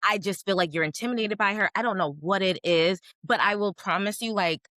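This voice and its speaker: A woman's voice: medium pitch, fairly quick, fairly bright tone, dry recording. A woman co-hosting a casual podcast recap, talking emphatically and firing off pointed questions. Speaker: podcast co-host.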